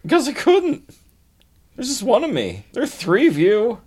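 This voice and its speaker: A woman's voice: on the high side, wildly swooping pitch, normal speed, darkish tone, breathy edge, voice pushed up, full character voice. A woman voicing an adventurer who abandoned her party and now defends herself wearily. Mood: defensive. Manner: defensive, weary.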